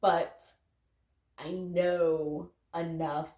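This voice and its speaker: A woman's voice: lowish voice, level tone, extremely slow, warm tone, echoey room. A woman giving loose, candid motivational talk to her viewers, casually swearing and saying "like" a lot. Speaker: vlogger, parent.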